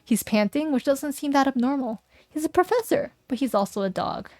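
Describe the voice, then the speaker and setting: A woman's voice: sits high, expressive, fairly quick, dark tone, no echo. A young woman streaming, reading a game aloud, playful and joking with chat on a close mic. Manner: playful and giggly, jokes with chat. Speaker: vtuber streamer.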